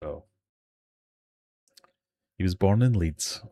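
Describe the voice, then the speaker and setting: A man running a live quiz from his fish room at home, his voice sitting a little low. He reads out multiple-choice questions and keeps up a joking, self-mocking patter between them. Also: expressive, takes it slowly, warm tone, a little hiss or hum. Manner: jokey, self-mocking quizmaster. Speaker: livestream quiz host. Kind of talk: live quiz hosting chat.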